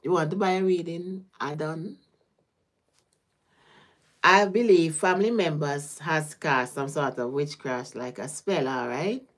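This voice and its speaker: Caribbean-accented woman, tarot reader, livestream chat, lower voice, rambling and laughing. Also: unhurried. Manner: chatty, laughing, drifting between topics. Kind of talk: casual livestream tarot reading.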